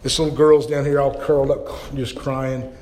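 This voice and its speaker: A man's voice: medium pitch, level tone, moderate pace, darkish tone, long reverb tail. A man preaching a sermon in a church, impassioned and often stammering on repeated words. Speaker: pastor.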